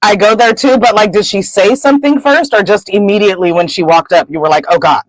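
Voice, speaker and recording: A woman hosting a casual podcast chat, jumping in with quick, playful reactions. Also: medium pitch, dry recording, low-quality recording. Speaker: podcast host.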